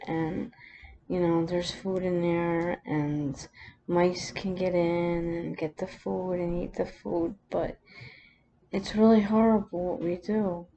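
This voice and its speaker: A woman vlogger telling a personal story, close to tears, halting with many pauses and restarts. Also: lowish voice, mellow, lo-fi sound, slight background noise.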